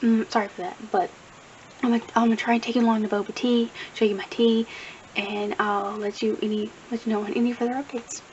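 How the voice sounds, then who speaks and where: A woman's voice: on the high side, little pitch movement, a little fast. A young woman rambling casually about her reading in a vlog, full of fillers, recorded on a camera mic. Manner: rambling, chatty, many fillers. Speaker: book vlogger. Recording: dull lo-fi camera audio with faint hiss.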